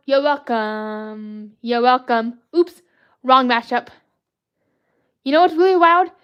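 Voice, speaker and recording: Woman, high bright-ish voice, excitable livestream art host, rambling, greets chat constantly. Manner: bubbly, rambling, cheers and greets viewers; self-corrects and restarts often. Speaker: livestream host drawing fan art requests.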